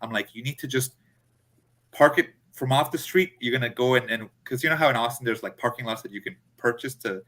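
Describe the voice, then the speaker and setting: Man, casual storytelling, animated, bright tone, acts out quotes. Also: medium pitch, brisk. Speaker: podcast co-host.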